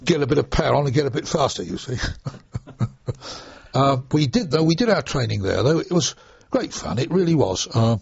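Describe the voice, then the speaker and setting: A man's voice: medium pitch, animated, a little fast, creaky, darkish tone, slightly rough. An older man, chattily reminiscing in an oral history interview with rambling asides, on a dull lo-fi dry recording. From United Kingdom. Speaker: interviewee, former RAF trainee pilot.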